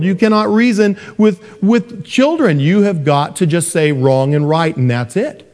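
A middle-aged preacher man delivers a sermon with lively, joking energy. He slips into a soft sing-song voice when he mimics parents. His somewhat high voice carries a long, lingering hall echo. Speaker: pastor.

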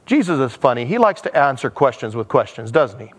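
A man's voice: mid-range voice, big pitch swings, brisk. A man preaching a conversational sermon in a chatty manner, acting out dialogues as he teaches. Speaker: pastor.

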